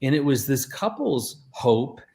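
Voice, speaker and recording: A man in his forties telling a story on a radio talk show. he's earnest and animated, trips over his words and starts over a lot, and sits at an average pitch. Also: unhurried, creaky. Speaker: guest, marriage expert.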